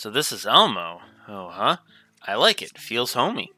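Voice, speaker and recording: A man's voice: fairly low pitch, sing-song, normal speed, sharp tone, faint music behind, exaggerated voice. A man reading the lines of a spirited teenage girl adventurer in a game, blunt and complaining. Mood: grossed out.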